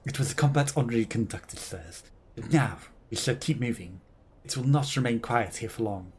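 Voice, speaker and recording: A man's voice: mid-range voice, a little fast, darkish tone, slight background noise, voice pushed down, lightly acted. A man voicing a formal, honor-bound insect knight, reading game dialogue aloud in stiff, courtly phrasing. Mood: solemn.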